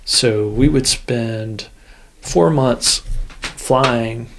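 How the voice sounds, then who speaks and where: Gravelly man telling a long story. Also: mid-range voice, drawn-out words, noisy background. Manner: rambling, full of "you know" and restarts. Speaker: podcast guest, former Air Force officer. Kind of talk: casual interview storytelling.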